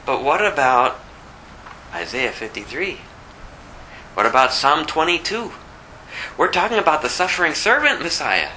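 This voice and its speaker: A man preaching an expository sermon, shifting from slow, low scripture reading to emphatic, repeated rebukes. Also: very animated, pushed and bright, a little hiss or hum, poor audio. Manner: repeats phrases for emphasis, chuckles at his own points.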